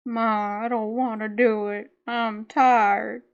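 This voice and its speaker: A woman's voice: fairly high pitch, little pitch movement, muffled recording. A woman putting on a slurred drawling lazy bulldog. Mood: lazy complaining. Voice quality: slow slurred raspy drawl. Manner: whiny lazy complaining, dragged-out syllables. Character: lazy charming male bulldog with a slow Southern drawl.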